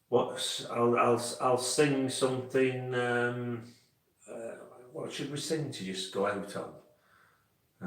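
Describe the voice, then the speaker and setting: Man rambling on a live stream, echoey room, mic a ways off, mid pitch. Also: distant mic. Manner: rambling, chatty, lots of restarts and fillers. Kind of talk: casual live chat with viewers.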